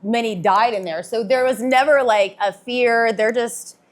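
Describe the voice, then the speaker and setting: A woman's voice: a little high, measured pace. Woman radio host, casual panel moderator, chatty. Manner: chatty, loose questions with restarts. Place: convention panel room.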